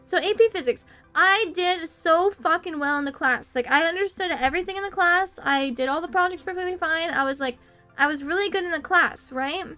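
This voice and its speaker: A woman's voice: very high voice, a little fast, sharp tone, faint music behind. A young woman from the United States, chatting casually on a stream. She rambles, giggles, swears casually and pokes fun at herself. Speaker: VTuber streamer.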